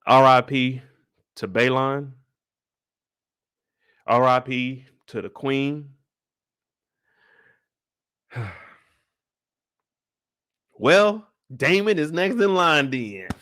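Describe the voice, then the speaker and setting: A man's voice: medium pitch, smooth. A young man, hosting a casual live show recap and acting out the characters as he talks. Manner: animated storytelling, acts out characters in quick voice switches.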